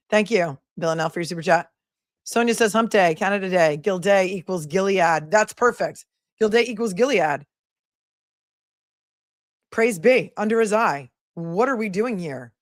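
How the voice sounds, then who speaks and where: A woman attorney with a lowish voice reads viewer messages on her casual livestream and thanks them in a chatty, affectionate manner. The audio is clean studio sound with no echo.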